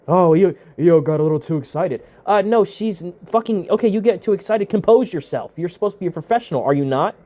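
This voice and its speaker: A man's voice: sits high, dark tone. A young man ranting with heated, profane exasperation as the host of a wrestling review. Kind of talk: ranting commentary.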